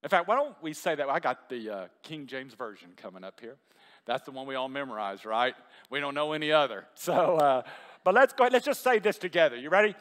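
This pastor's voice is a little high, very animated, brisk, and a bit bright, echoing through a large church hall. He preaches chattily to the congregation, constantly asking them questions.

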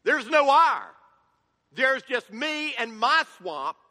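A man's voice: extremely high pitch, sing-song, slow pace, bright, forceful tone, long reverb tail, pitched above the performer's own voice, heavily acted. A man voicing a grumpy male ogre who sounds blunt, indignant and hurt.

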